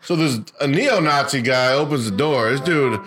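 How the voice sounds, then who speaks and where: A man's voice: medium pitch, moderate pace, soft background music. A man co-hosting a podcast, telling crude work stories in a casual, profane way and acting out what people said. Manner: profane, animated storyteller acting out quotes. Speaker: podcast co-host. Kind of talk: casual storytelling chat.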